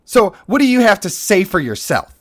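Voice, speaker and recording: A man's voice: sits high, very animated, moderate pace, a bit bright, voice pushed up, full character voice. A man voicing a haughty, self-righteous woman warrior in a game, with a raised voice and a snippy manner.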